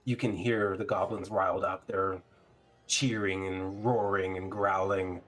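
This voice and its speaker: A man's voice: deep voice, unhurried, faint music behind. A man narrating as game master, easygoing and full of ums as he describes the scene. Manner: relaxed, hesitant, many ums.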